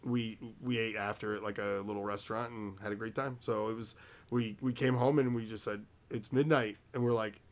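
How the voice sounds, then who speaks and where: A man's voice: lowish voice, flat delivery, fairly quick. A man co-hosting a casual podcast, chatty and rambling with lots of fillers, often laughing. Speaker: podcast co-host.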